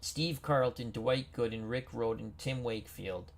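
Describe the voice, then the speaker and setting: A man's voice: mid-range voice, a little slow. A man hosting a gaming video, reading player names off team rosters with casual asides and reactions. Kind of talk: casual game commentary.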